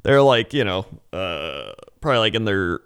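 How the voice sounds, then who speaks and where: A man's voice: deep voice, big pitch swings, moderate pace, a bit bright, clean tone, no echo, studio quality. A man co-hosting a podcast, chatting in an easygoing way with frequent hesitations and fillers. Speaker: podcast co-host. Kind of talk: casual chat.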